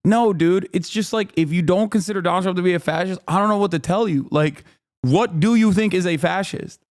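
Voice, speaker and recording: Indignant high-voiced male streamer. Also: fairly quick. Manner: animated and indignant, swears, laughs often. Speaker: streamer reacting to a clip. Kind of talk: casual live-stream commentary.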